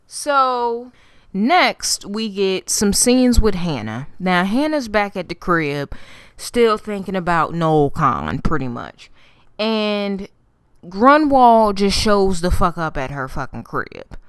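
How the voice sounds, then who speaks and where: A woman's voice: mid-range voice, slow pace, clear, resonant tone, dry recording, studio quality. A woman giving a casual, profane and sassy recap of a TV episode, talking straight to her viewers. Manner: profane, sassy and animated, heavy swearing; chatty with fillers, addresses viewers as y'all. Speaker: TV recap vlogger.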